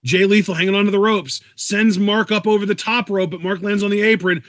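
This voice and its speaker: A man co-hosting a live wrestling reaction stream, chatting and calling moves in quick play-by-play. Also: high-pitched, steady tone, fairly bright tone, dry recording. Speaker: co-host, wrestling commentator. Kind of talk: casual live reaction commentary.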